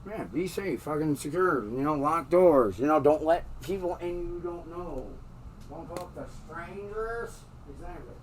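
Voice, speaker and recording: A man's voice: on the high side, lively intonation, unhurried, far from the mic, slight background noise, low-quality recording. A man in a heated, swearing rant about his landlord, recorded in his bedroom. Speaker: tenant in a dispute. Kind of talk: angry rant to camera. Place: bedroom at home.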